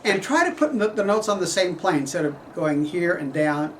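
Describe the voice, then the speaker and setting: A middle-aged man teaching a horn clinic, explaining phrasing in a measured way and singing passages on syllables. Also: sits high, animated, a bit bright, far from the mic, slight background noise. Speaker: horn professor giving a clinic. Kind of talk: instructional clinic talk.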